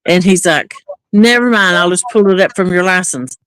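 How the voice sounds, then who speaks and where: A woman's voice: lowish voice, moderate pace, clean tone, dry recording. Woman telling a story, dry close sound. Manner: animated, acts out quoted dialogue. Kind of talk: casual storytelling.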